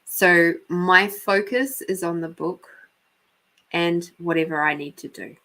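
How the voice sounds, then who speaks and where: A woman's voice: fairly low pitch, slow, sharp tone. An Australian woman hosting a live intuitive reading show, telling stories in a chatty way with frequent laughter and a casual swear now and then. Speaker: host and intuitive reader. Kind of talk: live psychic reading and storytelling.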